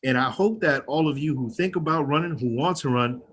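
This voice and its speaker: A man's voice: a little high, brisk, a bit bright. A young man with a twang in his voice, a county legislator giving a candid, rousing speech over a video call and swearing freely. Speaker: county legislator speaking to an activist group. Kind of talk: personal speech at an online meeting.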